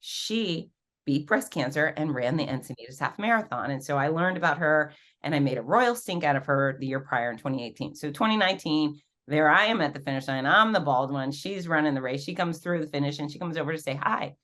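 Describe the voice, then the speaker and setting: Low voiced lady guest, super animated, does all the voices in her stories. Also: brisk. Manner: animated, acts out quoted dialogue with big pitch jumps. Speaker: podcast guest, fitness professional and race announcer. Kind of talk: casual storytelling interview.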